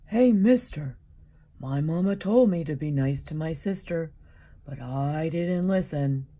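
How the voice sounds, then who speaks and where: A woman voicing a whiny young male iguanodon with a sore foot, wailing loudly. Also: deep voice, animated, a little slow.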